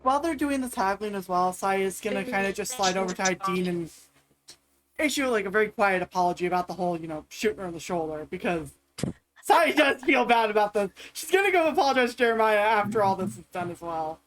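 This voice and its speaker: A woman's voice: medium pitch, lively intonation, fast talker. A woman player in a tabletop game, joking and describing what her character does. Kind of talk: casual game chat.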